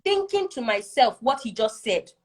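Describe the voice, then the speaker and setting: Very animated and at a moderate pace, a woman with a fairly high voice shares a personal story while guesting in a relaxed chat. She's earnest and reflective, often asking "do you see?" to confirm the listener is keeping up.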